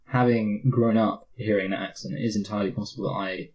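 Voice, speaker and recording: Mancunian guy rambling thru a film review, kinda low voice, pokes fun at himself. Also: steady tone, fast, darkish tone, muffled recording. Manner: rambling, self-mocking, slips into silly put-on voices. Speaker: podcast co-host. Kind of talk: casual movie review chat.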